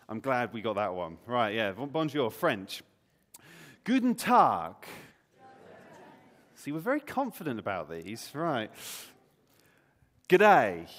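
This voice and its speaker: Lively man leading a church talk. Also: mid-range voice. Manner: lively and playful, quizzing the audience. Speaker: preacher. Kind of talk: Easter all-age talk to a congregation. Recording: long hall reverb.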